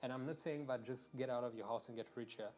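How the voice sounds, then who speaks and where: Young man, casual streamer rant, swears, restarts sentences, mid pitch, faint music behind. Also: fairly even intonation, fast, a little mellow. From Mauritius. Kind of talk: casual ranting during a game stream.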